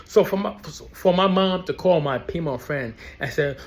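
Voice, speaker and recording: A man's voice: fairly high pitch, moderate pace, few pauses. A young man ranting to camera about his family, angry and profane, repeating himself for emphasis. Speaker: ex-Jehovah's Witness vlogger. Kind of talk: heated personal rant to camera.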